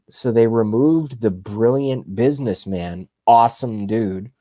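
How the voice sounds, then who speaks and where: Low, dark-voiced ranting man in his thirties. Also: no echo. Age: 30s. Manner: sarcastic, rambling, talks to the chat. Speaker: political livestream host. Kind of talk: ranting opinion commentary.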